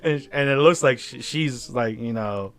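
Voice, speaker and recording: A man's voice: medium pitch, unhurried. A man co-hosting a casual anime podcast who laughs often and chimes in with reactions. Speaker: podcast co-host. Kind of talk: casual anime review chat.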